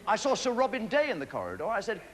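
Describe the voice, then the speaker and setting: A man's voice: high voice, wildly swooping pitch. A man delivering a stand-up comedy monologue as the show's host, punching out one-liners. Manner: brisk joke-telling with punchlines. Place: TV studio stage before an audience. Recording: 1980s TV studio with a laughing audience, noisy.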